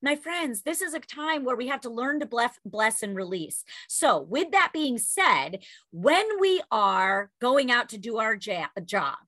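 A woman in her thirties giving an energetic motivational sales talk, calling her listeners friends and telling a personal story. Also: a little high, measured pace, hardly any pauses, no echo. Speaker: sales coach.

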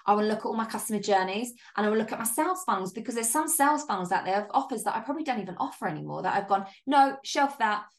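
A woman's voice: medium pitch, expressive, rapid-fire, few pauses. Upbeat, swearing woman podcast coach. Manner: upbeat, emphatic, casual swearing; chatty with frequent "like" and laughs. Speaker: podcast host and business coach. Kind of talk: solo podcast monologue.

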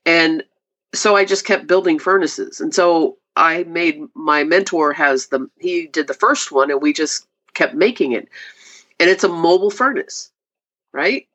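A woman, a glass artist, telling stories in a casual interview and acting out quotes in a much higher voice. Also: moderate pace. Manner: animated, acts out quoted voices with high pitch jumps. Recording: slightly dull lo-fi audio.

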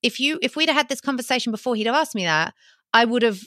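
A woman in her thirties in a casual podcast chat, expressive and animated, often affirming the other speaker. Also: on the high side, fast talker, dry recording, clean studio sound.

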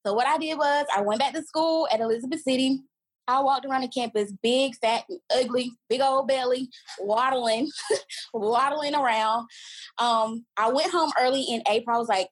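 A young woman in her twenties tells her own story on a podcast, candid and animated. Her voice is fairly high and a little husky. She is recorded close up in a dry space. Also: moderate pace, no echo, poor audio. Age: 20s. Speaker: podcast guest. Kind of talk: casual storytelling.

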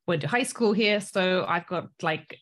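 A woman's voice: lowish voice, unhurried, a bit bright. A woman in her thirties from South Africa with a mostly British accent and a light South African tinge, giving an earnest motivational coaching talk full of rhetorical questions. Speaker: business coach.

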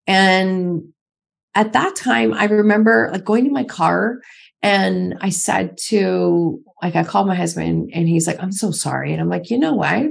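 A middle-aged woman speaks candidly as a podcast guest, her voice gravelly with a husky edge. She tells her story emphatically and keeps circling back to the same phrases to drive a point home. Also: mid-range voice, fairly even intonation, unhurried. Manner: emphatic, repeats phrases for stress.

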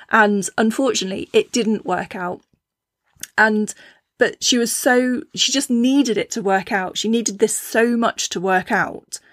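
A woman hosting a casual talk on intuition, chatty, with lively quoted voices and frequent restarts. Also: medium pitch, no echo, clean studio sound. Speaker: podcast host.

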